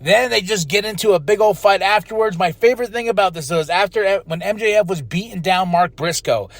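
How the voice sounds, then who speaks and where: A man hosting a podcast, giving a casual, excitable recap of a wrestling show and now and then shouting out the wrestlers' lines and chants. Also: high voice, no echo. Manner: excitable, chatty, slips into loud impressions of the wrestlers. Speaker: podcast host.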